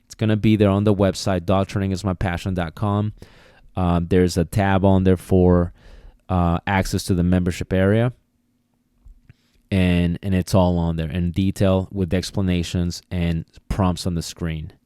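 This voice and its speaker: A deep-voiced man hosts a podcast on dog training, his tone level, warm and smooth at a moderate pace. He explains casually, repeats himself, and at times acts out commands. The podcast mic yields clean studio sound with no echo.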